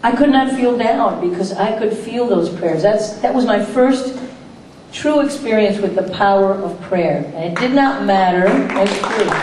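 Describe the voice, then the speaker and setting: A woman giving a personal storytelling speech as a guest speaker at a university event, telling her story with humor and animation. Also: medium pitch. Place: large hall at a university event. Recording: echoey hall from far off with faint noise.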